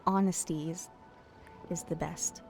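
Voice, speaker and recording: A woman streaming a game late at night, chatting casually and playfully with her viewers, teasing and giggling and sometimes dropping to a hush. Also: lowish voice, fairly even intonation, measured pace, soft background music. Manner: drops to a hushed late-night voice at times. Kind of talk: casual chat with live viewers.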